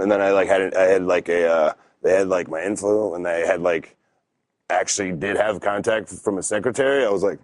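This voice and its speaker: A wrestler in his thirties, guesting on a podcast, tells stories in a deep, steady voice at normal speed. His delivery is laid-back and rambling, full of fillers and restarts, with background noise behind him. It's a casual storytelling interview.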